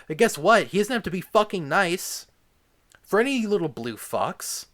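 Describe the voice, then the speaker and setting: A man's voice: a little high, animated, moderate pace, sharp tone. A young man delivering a crude, rambling comedy rant packed with swearing and filler words. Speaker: comedic ranter.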